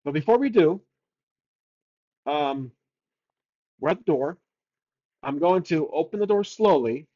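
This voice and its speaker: Slightly high-voiced man narrating solo game. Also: lively intonation, measured pace, pauses often, dark tone, muffled recording. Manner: thinking aloud, rolling odds, casual.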